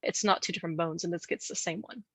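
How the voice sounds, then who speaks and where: Woman, podcast co-host, animated, playful asides, dry close sound. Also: on the low side, fast, husky, dry recording. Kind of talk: casual chat, telling folklore.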